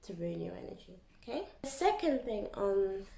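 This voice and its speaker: A young woman chatting casually to her vlog audience in an animated, storytelling way. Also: medium pitch, moderate pace, vocal fry, a little hiss or hum. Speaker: YouTuber. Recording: echoey room.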